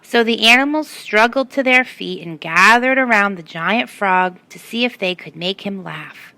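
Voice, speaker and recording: A woman's voice: medium pitch, normal speed, pushed and bright, no echo. A woman reading a picture book aloud to children and stopping to ask them questions. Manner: asks the listeners questions. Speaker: storyteller.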